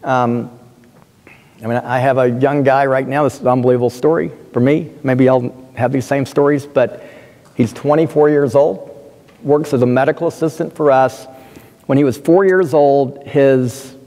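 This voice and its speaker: A man's voice: mid-range voice, steady tone, moderate pace, mellow. Earnest man speaking in a reverberant hall. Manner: earnest and emphatic, with frequent restarts. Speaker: physician and pastor, panel guest. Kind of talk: panel talk, personal storytelling. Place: lecture hall. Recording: long reverb of a large hall.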